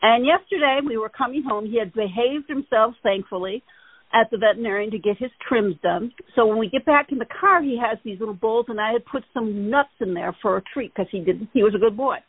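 A woman hosting a casual chat, telling rambling, animated stories. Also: a little high, fairly quick, husky, no room sound. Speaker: host. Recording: tinny phone-like line.

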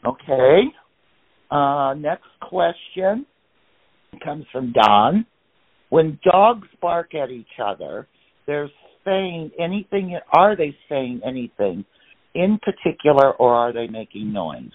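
A man co-hosting a call-in show, reading out listener questions in a relaxed way. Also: on the high side, takes it slowly. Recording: tinny phone line.

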